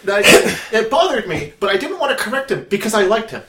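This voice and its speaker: A man co-hosting a casual podcast, telling stories in a profane, animated way and laughing often. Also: sits high, fast. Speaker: podcast co-host. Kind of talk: casual chat. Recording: echoey room.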